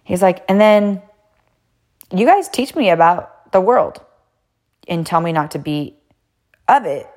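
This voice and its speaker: Lively, blunt woman with a low voice. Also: a little slow, long pauses. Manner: blunt and animated, swears casually, acts out quotes; frequent "like" fillers, digresses. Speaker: podcast host and coach. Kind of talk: casual storytelling monologue.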